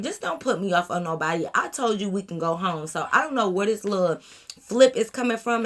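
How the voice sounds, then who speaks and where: Young woman vlogging a storytime, animated, mid pitch voice. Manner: animated, acts out friends' voices. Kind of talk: casual storytime.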